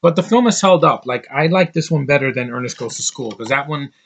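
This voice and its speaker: A man's voice: a little high, animated, a little fast, a bit bright. Tired, rambling man reviewing a film. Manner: rambling, full of fillers and restarts. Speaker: movie reviewer. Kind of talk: casual spoken film review.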